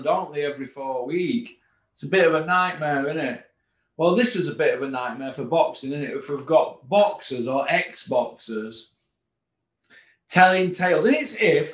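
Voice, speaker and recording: A middle-aged man, hosting a casual boxing rant full of sarcastic, mocking rhetorical questions. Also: a little high. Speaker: boxing commentator host. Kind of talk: ranting casual monologue. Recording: roomy echo.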